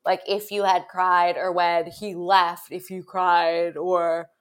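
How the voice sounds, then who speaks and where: A woman's voice: on the low side, flat delivery, slow pace, smooth. A woman co-hosting a podcast in casual chat, reacting with short interjections and asking questions. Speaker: podcast co-host.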